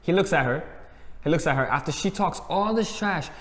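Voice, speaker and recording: Man in a roomy echo, animated slang. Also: on the high side, a little fast. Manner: animated, acts out quotes with slang. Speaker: co-host. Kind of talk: casual reality TV review chat.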